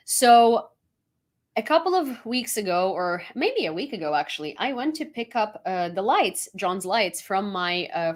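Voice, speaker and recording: A woman from Ukraine hosting a casual news commentary, talking in a frank, chatty and opinionated way. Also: medium pitch.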